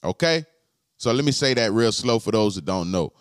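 A man hosting a podcast, talking to his live chat in a slangy, profane way and repeating his points slowly. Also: on the low side, lively intonation, no echo, studio quality. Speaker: podcast host. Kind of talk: casual live-stream chat.

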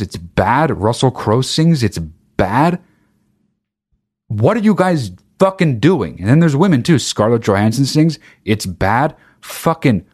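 This man hosts a podcast and launches into a comedic rant that's profane, sarcastic, and rambling. His voice is mid-range with a darkish tone.

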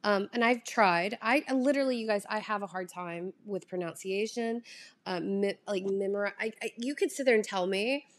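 A woman's voice: mid-range voice, moderate pace. A young woman with a Southern US drawl chatting casually to camera, profane and ranting, laughing often. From Southern United States. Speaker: vlogger. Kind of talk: casual chat.

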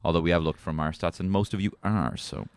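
A man's voice: deep voice, fairly even intonation, fast talker, smooth, dry recording, studio quality. A man with a Dublin Irish accent, co-hosting a podcast with wry, teasing quips. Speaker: podcast co-host. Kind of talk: casual chat.

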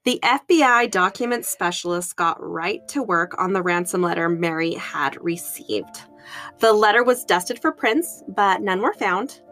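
A woman's voice: lowish voice, lively intonation, unhurried, fairly bright tone, faint music behind. A woman from Utah co-hosting a true crime podcast, talking in a conversational, agreeable way. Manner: conversational, agreeable, lots of mm-hmms. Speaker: podcast co-host.

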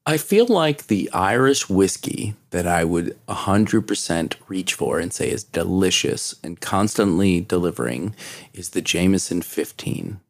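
Deep-voiced joking man co-host. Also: animated, unhurried, creaky, no echo. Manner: joking, chatty. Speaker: podcast co-host. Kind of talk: casual whiskey-tasting chat.

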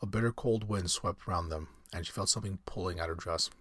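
A man with a very low voice reads a story aloud at a relaxed pace. He sometimes trips over a word and corrects himself. The sound is close and dry. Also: dry recording. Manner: unhurried, with slips and self-corrections. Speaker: reader. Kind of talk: storybook reading.

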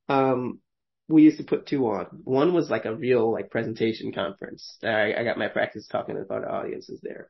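A man's voice: medium pitch, gravelly, dull audio. A man in his thirties, a podcast host telling stories casually, rambling with many fillers and frequent laughs. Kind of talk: casual conversational storytelling.

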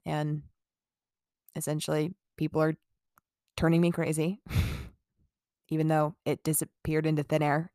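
Gravelly low-voiced young woman rambling. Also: dry recording, clean studio sound. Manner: rambling, full of "like" fillers and swearing, laughs between lines. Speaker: vlogger. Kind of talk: casual storytime.

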